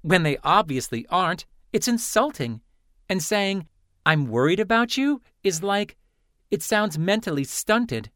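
A man's voice: high voice, very animated, a little slow, a bit bright, dry recording, studio quality, voice pushed up, full character voice. A man voicing a fiery, snide young female student in an audiobook. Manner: snide, combative.

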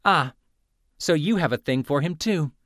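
A man's voice: a little high, animated, moderate pace, a bit bright, no room sound, studio quality, pitched above the performer's own voice. A man voicing a fiery, snide young female student in an audiobook. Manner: snide, combative.

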